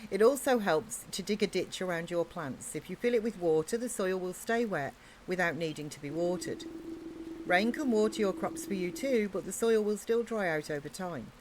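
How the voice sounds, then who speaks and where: A woman's voice: fairly low pitch, lively intonation, normal speed, a little hiss or hum, close to an everyday voice. A woman with an English accent reading aloud the lines of a friendly, eager male orc farmer in a video game, in a chatty, encouraging way.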